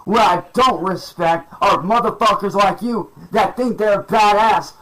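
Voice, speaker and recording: Guy with a real high voice yelling insults, angry swearing rant in a clip. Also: measured pace, low-quality recording. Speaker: streamer in a played clip.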